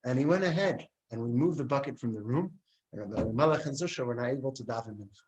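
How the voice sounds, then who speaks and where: A man, likely a rabbi, giving a sermon and telling a story, acting out the characters' dialogue with lively expression. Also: medium pitch, fast, rough recording. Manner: animated storyteller who acts out the dialogue.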